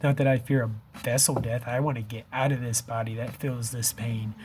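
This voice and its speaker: A man in his fifties, a vlogger, pleads urgently and emotionally with viewers straight into his camera, his voice wavering and close to tears as he keeps saying "dude" and "man." His mid-range voice is flat in delivery, moderately paced and slightly mellow. There's a little hiss or hum on the recording.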